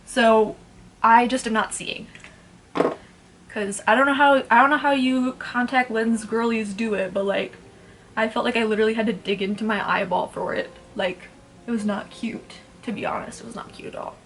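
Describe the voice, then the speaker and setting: A woman's voice: a little high, steady tone, moderate pace, slight background noise. A woman in her twenties chatting casually at home while doing her makeup, rambling and blunt, swearing freely. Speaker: beauty vlogger. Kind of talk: casual get-ready-with-me chat.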